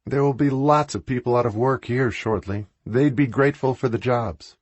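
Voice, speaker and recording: A man reading an audiobook, voicing a meek, earnest woman pitching ideas. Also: normal speed, no room sound, dull audio, close to an everyday voice.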